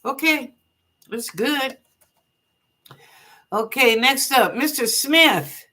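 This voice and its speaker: Bright-voiced woman giving psychic readings. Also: high voice, animated, extremely slow, breathy edge. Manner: chatty and warm-hearted, laughs easily, blesses callers; reads chat questions aloud then interprets them. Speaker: psychic reader and show host. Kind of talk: live online psychic readings.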